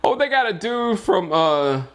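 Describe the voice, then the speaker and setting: Lively high-voiced man reacting to a sports draft. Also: measured pace. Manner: animated, laughing, jumps between shock and grumbling. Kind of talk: casual live reaction chat.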